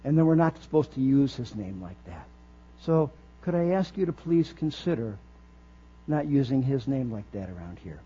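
A man's voice: mid-range voice, big pitch swings, normal speed, dark tone, slightly rough. A man preaching a sermon, earnest and emphatic, building his phrases as he goes. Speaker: pastor. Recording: dull lo-fi recording with faint mains hum.

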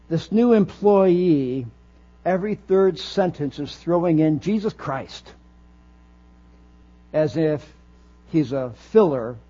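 In a dull lo-fi recording carrying faint mains hum, a man preaches earnestly and emphatically, building phrases as he goes. He's a pastor with a slightly high, warm voice.

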